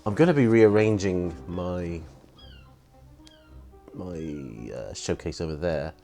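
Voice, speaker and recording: A man in his fifties talks through his birthday gifts in a fairly low voice. He is eager and rambling, with plenty of ums and restarts. Faint music plays in the background. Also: expressive, slow, vocal fry, dark tone. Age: 50s. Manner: enthusiastic and rambling, with many fillers. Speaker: hobby vlogger. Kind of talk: casual unboxing vlog.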